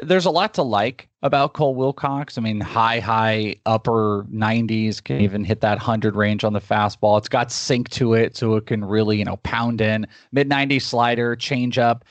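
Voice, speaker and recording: A man's voice: medium pitch, no room sound. Laid-back guest man, dry sound. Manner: laughs often, lots of fillers and restarts. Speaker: podcast guest, baseball analyst. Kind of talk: casual interview talk.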